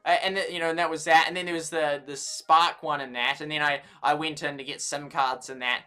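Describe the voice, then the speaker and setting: A man's voice: on the high side, little pitch movement, brisk, pushed and bright, clean tone, faint music behind. A man with a New Zealand accent rambling through an aggrieved story, restarting sentences often. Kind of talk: casual ranting vlog.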